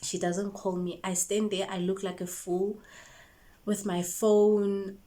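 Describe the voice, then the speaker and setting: A woman with a South African accent, a YouTuber and make-up artist telling a storytime vlog in a lively way, acting out the conversations she recounts. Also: medium pitch, slow.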